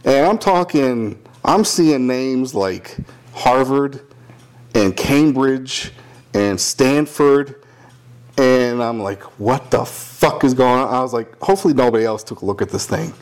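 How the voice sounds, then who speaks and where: A medium-pitched young man takes his time telling a long story on a podcast he co-hosts. The chat is casual and peppered with swearing, and he brings the characters to life by doing their voices.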